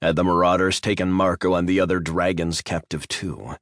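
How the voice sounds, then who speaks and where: Deep-voiced man narrating an audiobook. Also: steady tone, no room sound, clean studio sound. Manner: measured, dramatic storytelling. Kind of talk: scripted narration. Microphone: close studio mic.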